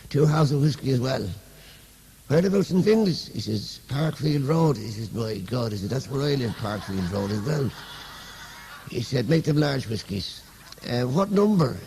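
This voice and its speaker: A young Irish man, a comedian, telling stand-up jokes as rapid-fire one-liners and switching into the voices of the people in them. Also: medium pitch, vocal fry, warm tone, a little hiss or hum. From Ireland. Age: young adult.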